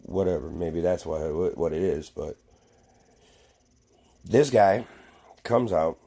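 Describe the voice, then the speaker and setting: A man's voice: low-pitched, slow pace, dark tone, breathy edge. A man vlogging a casual, rambling rant to camera, swearing freely and full of fillers and restarts.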